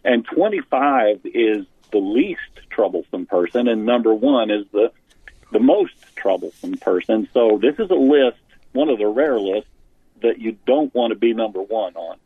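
Interviewed over what sounds like a phone line, an author and pastor discusses church leadership in a lowish voice with lively intonation, a breathy edge, and normal speed. There's no echo, and he lays out his points earnestly with frequent restarts.

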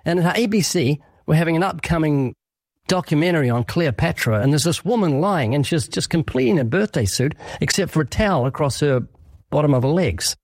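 A man talking fast as a guest on a radio interview, telling stories. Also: on the high side, animated, a little mellow, no room sound.

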